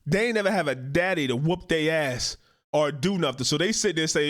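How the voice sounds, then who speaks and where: A man's voice: on the high side, lively intonation, brisk, a bit bright. A man hosting a reaction commentary, talking in a profane, emphatic and indignant way. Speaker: host, commentator.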